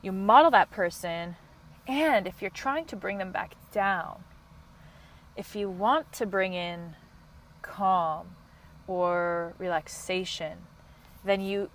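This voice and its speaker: A woman coach hosting a solo podcast, talking in a passionate, quick and high-energy way. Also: slight background noise, low-quality recording. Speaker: podcast host and couples coach.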